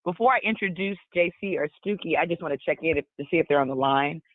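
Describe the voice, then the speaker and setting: A woman hosting a business conference call, brisk and upbeat as she announces the schedule. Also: sits low, no echo. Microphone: phone. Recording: dry phone line.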